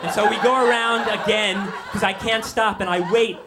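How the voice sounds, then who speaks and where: A man's voice: high voice, fairly even intonation, moderate pace, very noisy. A man in his forties telling a personal story live, rambling and self-deprecating, full of asides.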